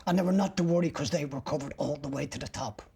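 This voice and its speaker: A man's voice: a little high, quick pace, creaky, warm tone, breathy edge, no room sound, recorded from a distance. An older man, recounting a personal ordeal as an interviewee in blunt, graphic words with swearing.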